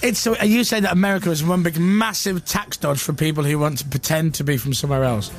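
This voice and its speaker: A man hosting a casual chat, teasing his guest with quick questions. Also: fairly high pitch, steady tone, soft background music. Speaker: host.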